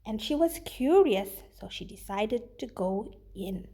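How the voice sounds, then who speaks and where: Animated woman teacher reading a story. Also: a little high, unhurried. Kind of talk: story reading lesson for students.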